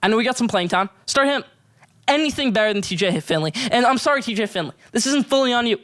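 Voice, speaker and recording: A man's voice: very high-pitched, animated, quick pace, a bit bright. Fired-up young-sounding male sports host. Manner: fired-up, emphatic ranting. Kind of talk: solo sports rant.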